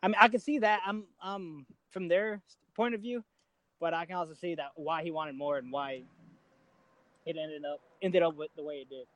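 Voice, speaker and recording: A man on a football discussion panel who speaks hesitantly, with many pauses and restarts. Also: fairly high pitch, fairly even intonation, poor audio. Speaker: podcast panelist.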